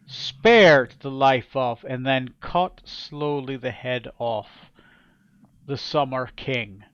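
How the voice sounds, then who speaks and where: A man voicing a ruthless, self-made male pirate king who speaks slowly and with menace. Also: medium pitch, fairly bright tone, smooth, no echo, highs cut off. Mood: menacing.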